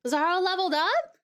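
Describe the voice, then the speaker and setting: Bubbly Australian woman streamer, high voice. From Tasmania, Australia. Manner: bubbly, giggly, gasps and laughs often; affectionate with viewers. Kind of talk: casual live-stream chat.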